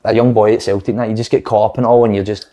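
A young Scottish man, a former footballer, telling sweary, animated stories in casual chat. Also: lowish voice, racing. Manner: swears freely, animated anecdotes.

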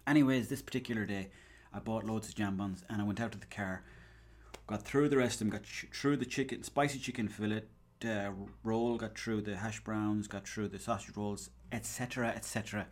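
A man's voice: fairly low pitch, steady tone, brisk. An Irish man hosting a podcast, rambling through a comic story, swearing and acting out bits of dialogue. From Ireland. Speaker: podcast host. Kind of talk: casual comedic monologue.

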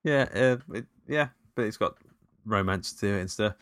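A man co-hosting a casual film podcast, reading quiz questions with loud stresses and laughing easily. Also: on the low side, moderate pace, dry recording, studio quality. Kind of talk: casual chat.

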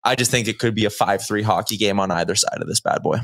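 A man co-hosting a live sports chat show, rattling off numbers at a rapid clip. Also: lowish voice, a bit bright, no echo, clean studio sound. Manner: rapid-fire, rattling off stats. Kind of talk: casual live-stream chat.

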